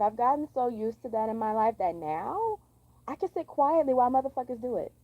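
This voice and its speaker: A woman's voice: a little high, dry recording, lo-fi sound. A young woman venting in a blunt, profane, sassy monologue for her vlog. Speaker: vlogger.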